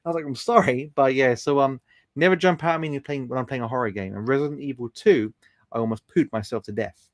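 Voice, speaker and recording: A man hosts a live stream in a chatty, affectionate way, laughing often as he reads out viewer comments. His voice sits at a middling pitch. The sound is close and dry, with no room echo. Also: fast talker.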